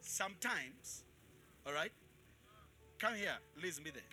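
A man preaching a live sermon to his congregation as pastor, calling out for responses and switching between shouts and quiet asides. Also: fairly high pitch, expressive, takes it slowly, over music. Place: church in front of a congregation.

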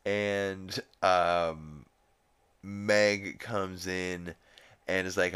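A podcast host recaps a cartoon episode in a casual, meandering way, peppering it with swearing and character quotes. His voice sits low with little pitch movement, sounds fairly bright and smooth, and he talks slowly.

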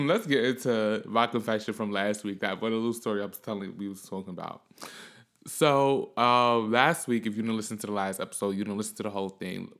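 A man's voice: on the low side, a bit bright. A young man hosting a solo podcast, telling a story in a casual, profane, rambling way. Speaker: podcast host.

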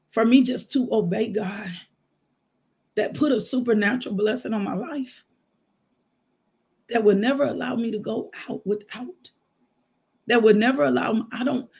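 A man delivers a devotional like a conversation over coffee. His voice sits high, with a husky, gravelly texture. He moves between preaching and personal testimony, often breaking into laughter. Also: normal speed, long pauses. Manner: animated storytelling testimony, frequent laughter. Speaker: minister.

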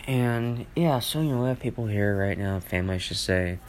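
A man with a somewhat low, fairly quick voice hosts his own podcast, delivering a loose, meandering solo rant. He swears constantly and circles back with fillers and false starts. He's at home with family around, and faint household noise of dogs and TV hums behind him.

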